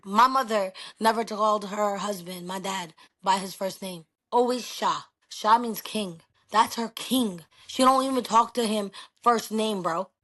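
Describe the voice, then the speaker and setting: A middle-aged woman of Pakistani heritage in a casual podcast chat, talking in an animated, emphatic way and swearing freely. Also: mid-range voice, measured pace, hardly any pauses. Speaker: podcast guest.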